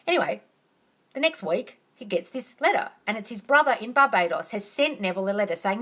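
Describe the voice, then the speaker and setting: Woman chatting on a phone live, average pitch, animated storyteller, acts out the quotes. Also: fairly quick. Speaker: manifesting coach. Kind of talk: casual livestream storytelling. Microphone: phone livestream.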